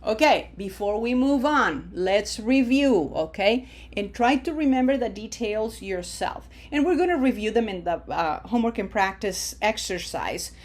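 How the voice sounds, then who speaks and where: A woman teaching a language lesson, speaking slowly and deliberately and checking in often with "okay?". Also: medium pitch, lively intonation. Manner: models words slowly with drawn-out vowels, frequent "okay?" checks. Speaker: Spanish teacher.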